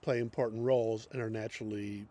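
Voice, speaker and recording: A man's voice: fairly low pitch, steady tone, quick pace, mellow. A middle-aged man giving an unscripted acting lecture as a teacher, with many fillers and restarts. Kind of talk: classroom lecture.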